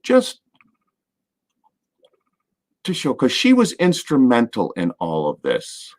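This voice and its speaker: Taking his time, the older former wrestler tells a wandering interview story, his mid-range, darkish voice swooping wildly in pitch. He puts on voices for the people he quotes.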